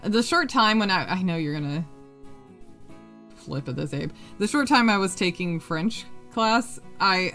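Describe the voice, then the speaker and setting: A woman's voice: lowish voice, fairly bright tone. A woman from the US Pacific Coast hosting a crochet livestream, chatting with viewers, giggling, swearing freely and counting stitches under her breath. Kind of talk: casual chat while crocheting, reading chat aloud.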